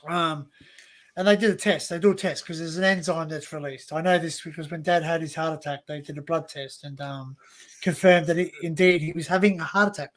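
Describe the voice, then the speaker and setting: A man's voice: on the high side, fairly even intonation, fairly quick, a bit bright. A man with an Australian accent hosting a casual livestream chat, swearing freely and laughing through rambling stories. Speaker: livestream host.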